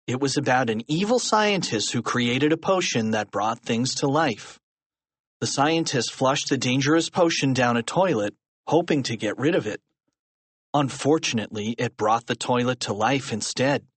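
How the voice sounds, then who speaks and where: Brief: male audiobook narrator, lively swooping delivery, dry close sound. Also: mid-range voice, husky, no room sound. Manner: animated reading with lively character voices. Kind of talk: scripted narration.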